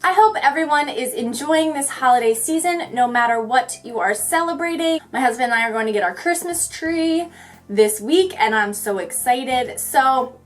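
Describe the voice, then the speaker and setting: A young woman chatting her way through a makeup tutorial, talking fast in a bubbly, goofy way. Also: high-pitched, animated, soft background music. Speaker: beauty vlogger.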